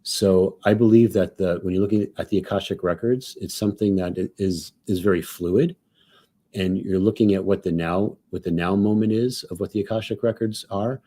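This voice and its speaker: A man's voice: sits low, steady tone, normal speed, warm tone. A man on a panel discussion call, talking casually and thinking aloud with many "like"s and "so"s. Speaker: panel regular.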